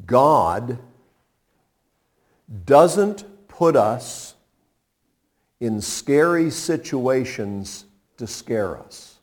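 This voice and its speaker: A middle-aged man preaching in a relaxed, joking way, his voice rising and falling a lot. He takes his time and leaves pauses to let points land. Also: mid-range voice. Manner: conversational and humorous, with dramatic pauses. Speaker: pastor. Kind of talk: sermon.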